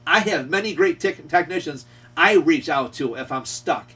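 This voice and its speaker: A man's voice: fairly high pitch, animated, normal speed, fairly bright tone, husky, far from the mic. A middle-aged man who runs a radio repair shop, scolding a rival in a confrontational rant and repeating his points. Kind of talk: ranting call-out video.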